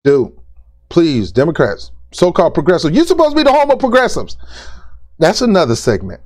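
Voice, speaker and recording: Guy doing a fired-up political rant vlog, keeps repeating himself, says dude and ain't a lot, voice a bit on the high side. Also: huge pitch swings, fairly quick, darkish tone. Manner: blunt, repetitive, exasperated; informal speech with "ain't" and "dude". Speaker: political commentary vlogger. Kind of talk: opinion rant to camera.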